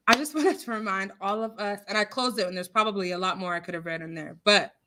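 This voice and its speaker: A woman hosting a casual livestream chat, animated and outspoken, quoting scripture and swinging between loud outrage and hushed apologies. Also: medium pitch, a little fast, few pauses. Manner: religious, quotes scripture. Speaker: livestream host.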